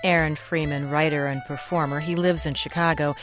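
A radio show host reading a scripted introduction in a smooth, measured way. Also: medium pitch, fairly even intonation, fairly bright tone, faint music behind.

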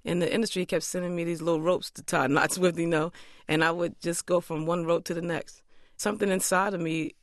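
Animated woman singer telling stories. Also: on the low side, fairly quick, no room sound, studio quality. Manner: animated storyteller who acts out quoted voices. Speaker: singer, interview guest. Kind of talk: radio interview chat.

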